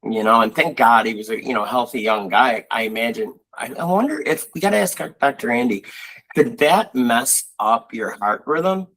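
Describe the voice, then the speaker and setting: Animated rambling man telling stories. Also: mid-range voice, moderate pace, poor audio. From Buffalo, New York. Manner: rambling storyteller, animated, frequent fillers. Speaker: co-host. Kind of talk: casual chat.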